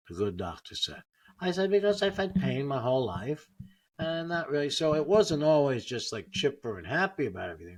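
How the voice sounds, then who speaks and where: An older man, a comedian, telling personal stories casually and acting out what others said. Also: mid-range voice. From United States. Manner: animated anecdotes, acting out quotes. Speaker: guest comedian. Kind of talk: casual storytelling.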